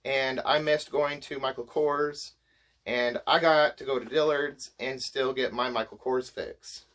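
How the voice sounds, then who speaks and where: A man chatting to camera as he shows off a shopping haul, enthusiastic and gushing, his voice getting hoarse. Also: medium pitch, steady tone, unhurried, a bit bright. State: voice going hoarse. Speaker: vlogger showing a shopping haul. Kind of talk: casual chat to camera.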